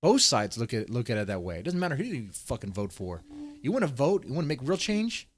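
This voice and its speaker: A man's voice: medium pitch, sing-song, brisk. A man giving rambling, profane casual commentary, often restarting his sentences as he reads posts on screen. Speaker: commentary streamer.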